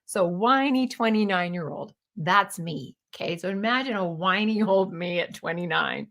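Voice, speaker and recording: Woman around fifty just chatting, animated storyteller, lots of likes and you knows. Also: mid-range voice, normal speed. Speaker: storytelling vlogger. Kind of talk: casual storytelling monologue.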